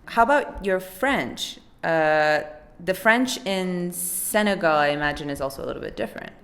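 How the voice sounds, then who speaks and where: A woman hosts a relaxed podcast conversation and asks curious questions. She keeps affirming her guest as she listens. Her voice sits somewhat low. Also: normal speed. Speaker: podcast host. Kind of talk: casual interview chat.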